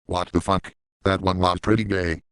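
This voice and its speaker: A man voicing a crude, boastful middle-aged cartoon dad in a parody comedy video, speaking in a deadpan way. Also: sits low, normal speed, clean tone, no room sound, low-quality recording. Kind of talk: parody voice acting.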